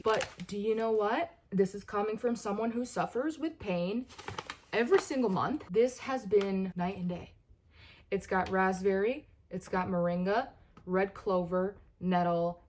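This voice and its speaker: Woman wellness vlogger, unhurried and earnest, mid-pitch, lean on repeated pleas. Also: background noise. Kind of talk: casual talk to camera.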